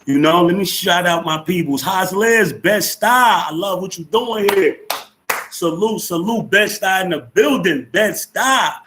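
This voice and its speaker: A man hosting a casual live stream, upbeat and chatty as he greets and shouts out his viewers. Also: high voice, expressive, a little slow, slight background noise.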